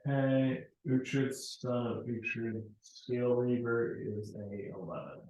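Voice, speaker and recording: A man's voice: mid-range voice, steady tone, dark tone, reverberant, poor audio. A man playing in a tabletop game, chatting casually and keeping track of numbers. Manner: quick, informal, tracks numbers. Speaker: player.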